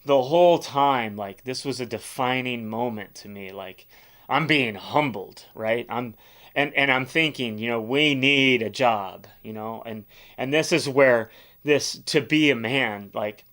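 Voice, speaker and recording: Regular-pitched guy telling a story about himself, earnest, trips over his words a lot, tons of like and you know. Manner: halting, repeats words, many "like" fillers; earnest, emotional, often drops quieter. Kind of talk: casual personal story.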